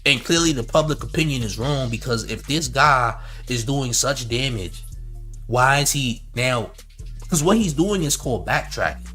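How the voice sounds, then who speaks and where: A man riffs on a livestream, bright-toned and animated. He mocks and reads out chat comments in a loose, casual style. Faint music sits underneath his talk. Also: medium pitch, moderate pace. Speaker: commentary host.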